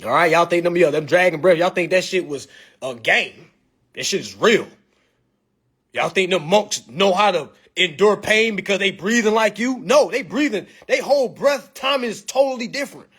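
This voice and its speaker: A man's voice: high voice, animated, normal speed, fairly bright tone, breathy edge. A man holds forth in a profane monologue. He talks bluntly and provocatively, lecturing his listeners like a preacher. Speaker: vlog commentator. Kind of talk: ranting monologue.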